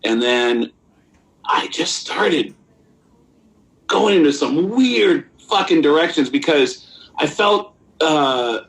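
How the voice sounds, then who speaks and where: Animated man telling a story. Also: fairly high pitch, slow, pauses often, poor audio. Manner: animated, swearing, jumps into quoted voices. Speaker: comedian and impressionist. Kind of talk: casual storytelling.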